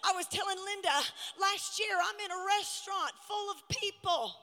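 A woman pastor preaching a passionate sermon, telling stories and building to shouted declarations. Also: very high voice, moderate pace. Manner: impassioned preaching, rising to shouts; storytelling with dramatic retellings. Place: large conference hall. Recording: long hall reverb.

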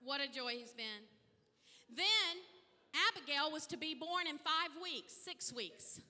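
Woman pastor, high and very bright voice, animated storyteller, reverberant hall. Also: slow. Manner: animated storytelling, acting out dialogue. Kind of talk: testimony sermon.

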